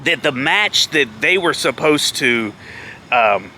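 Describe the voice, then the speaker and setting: Animated, bright-voiced man telling a story. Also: fairly high pitch, takes it slowly, slight background noise. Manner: animated, laughs often while telling the story. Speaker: vlogger telling a road story. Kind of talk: casual storytelling.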